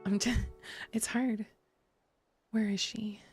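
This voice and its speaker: A woman's voice: mid-range voice, steady tone, takes it slowly. A woman chatting casually to her viewers while streaming a game, giggly and rambling with many restarts. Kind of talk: casual gaming stream chat. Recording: clear game music underneath. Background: game music.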